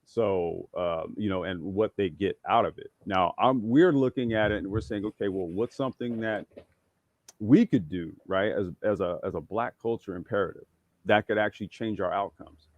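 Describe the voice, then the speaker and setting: A man's voice: fairly low pitch, moderate pace, muffled recording. A man guesting on a casual livestream talk show, thinking aloud with many restarts and getting emphatic when pressed. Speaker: podcast guest.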